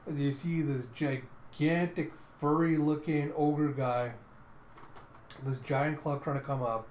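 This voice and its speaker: A man casually narrating a comic aloud in an animated way, describing panels and mouthing sound effects. The voice sits in a slightly echoey room. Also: a little high, measured pace, a little hiss or hum. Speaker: comic readthrough host.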